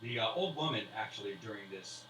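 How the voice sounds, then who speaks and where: A man's voice: on the low side, lively intonation, brisk. A man narrating as game master, rambling with fillers and restarts. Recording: roomy, distant mic with faint hiss.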